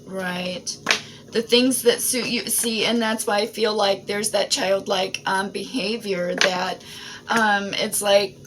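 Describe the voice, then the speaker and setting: A woman giving a casual spiritual tarot reading, rambling and often tagging her thoughts with "right?" and soft fillers. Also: mid-range voice, steady tone, slow pace. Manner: rambling, frequent "right?" and "um" asides. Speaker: tarot reader. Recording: noisy home recording.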